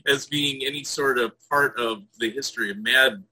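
Husky, bright-voiced male interviewer. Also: medium pitch, moderate pace, rough recording. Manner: rambling, hedging questions. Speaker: interviewer, host. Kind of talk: casual interview questions.

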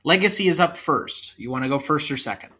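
A man with a fairly high, bright, forward voice co-hosts a casual film podcast. He chats through the episode and reads lines from the movie aloud with a touch of performance. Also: expressive, brisk, husky. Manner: reads movie quotes aloud in a lightly acted voice. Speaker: podcast co-host.

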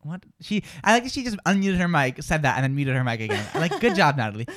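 A man's voice: a little high, very animated, fast talker, fairly bright tone, no echo. Chatty man hosting a show. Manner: chatty, rambling, doing playful accent impressions. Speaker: radio show host. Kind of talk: casual banter.

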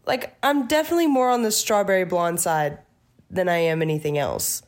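A young woman co-hosting a podcast chats casually and briskly in a fairly low voice. She rambles through her stories and acts out the dialogue of the people in them.

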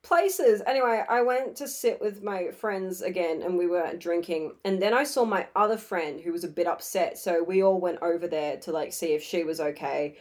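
A young woman co-hosting a podcast, telling a story in casual chat and acting out the dialogue with quick quotes. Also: fairly low pitch, darkish tone. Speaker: podcast co-host.

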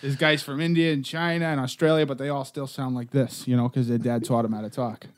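A brash man swearing his way through a comedy debate, talking over the others as he pitches a story. His voice sits at an ordinary pitch and is recorded dry and close, with no room sound around it. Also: steady tone, brisk, no echo.

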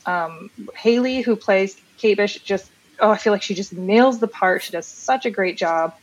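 A woman's voice: mid-range voice, normal speed, dull audio. A woman chatting enthusiastically about comics and a TV series, rambling a little with fillers. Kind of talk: casual chat about comics and TV.

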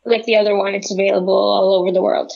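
A woman, a poet and author, chatting as a guest in a friendly, slightly halting way. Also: medium pitch, flat delivery, vocal fry, a little mellow, lo-fi sound. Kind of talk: casual interview chat.

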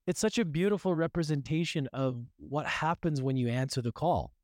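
Slightly high and somewhat dark in tone, the male host's voice moves at a moderate pace over a dry, clean studio recording. He runs a casual podcast interview, affirming and enthusiastic, chatting easily and digging in with probing questions.

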